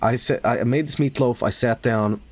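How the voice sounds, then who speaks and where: A man streaming a game, chatting casually and rambling through a story, swearing and laughing loudly. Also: mid-range voice, moderate pace, a little hiss or hum. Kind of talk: casual live-stream chat while gaming.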